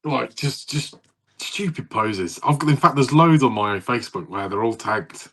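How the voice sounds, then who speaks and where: A man in his thirties with a husky, slightly breathy voice, co-hosting a casual podcast chat. He rambles from story to story, laughs easily and swears freely. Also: mid-range voice, lively intonation, moderate pace, a bit bright. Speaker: podcast co-host.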